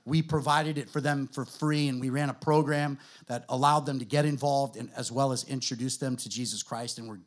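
A middle-aged man with an American accent, a guest pastor telling his story to a church in a relaxed, conversational way, full of fillers. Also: medium pitch, brisk, few pauses. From United States. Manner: conversational, self-deprecating, many fillers.

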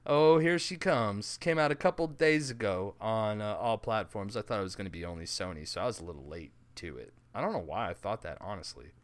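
A man's voice: on the low side, a little fast, few pauses, no echo. A man co-hosting a casual gaming chat, joking and laughing often. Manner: animated, laughs often, jokey asides. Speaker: podcast co-host.

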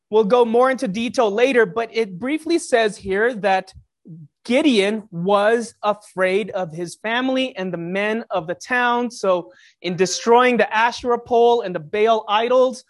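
Animated, conversational preacher. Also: mid-range voice, moderate pace. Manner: conversational, with jokey asides to the congregation. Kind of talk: sermon.

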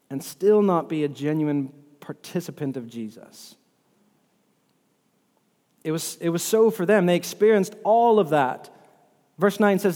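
A man's voice: fairly high pitch, a little mellow. A man preaching a sermon as pastor, earnest and often repeating words as he works through scripture. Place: church hall. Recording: long hall reverb.

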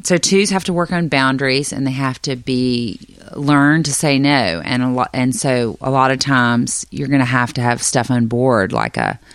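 A middle-aged woman with a strikingly low voice talks through ideas slowly and thoughtfully, pausing with fillers. Her voice sits close and dry on the mic in a relaxed chat. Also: smooth, no room sound. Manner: slow, thoughtful explaining with many fillers. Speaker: Enneagram teacher and guest. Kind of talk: casual podcast conversation.

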